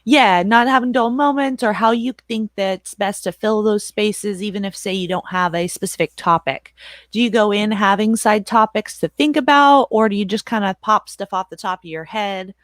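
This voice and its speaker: A young woman chatting on a livestream, telling stories with animated talk and frequent laughs. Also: medium pitch, moderate pace, dry recording. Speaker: streamer and channel moderator. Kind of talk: casual livestream chat.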